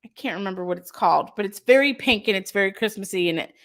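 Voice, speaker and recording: A woman's voice: mid-range voice, animated, fast, a bit bright. Gushing woman hosting a live shop stream. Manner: chatty and gushing, lots of filler ums; reads out viewer comments and answers them. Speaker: craft shop owner hosting a live sale. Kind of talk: casual live-stream chat.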